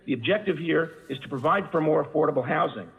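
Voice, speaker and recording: A man's voice: on the high side, animated, fast, gravelly. A man giving a formal public comment by phone, arguing legal points with many fillers and restarts. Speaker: public commenter at council meeting. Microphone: phone call-in. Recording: tinny phone line in a hall.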